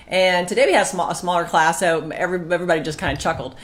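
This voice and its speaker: Female co-host, lower register, lively casual chat with acted-out quotes. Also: quick pace, few pauses. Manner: animated, quotes past arguments in a raised voice. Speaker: marriage podcast co-host.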